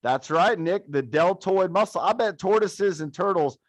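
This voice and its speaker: A man's voice: high-pitched, expressive, normal speed, no echo. A young man coaching a live adaptive fitness class, counting reps and cheering people on in an upbeat, playful way. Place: fitness studio.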